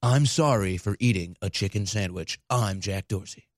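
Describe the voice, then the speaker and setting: A man putting on a flat, sarcastic impression of a male tech boss apologizing. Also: fairly low pitch, moderate pace, no echo, studio quality, voice pushed down, natural voice.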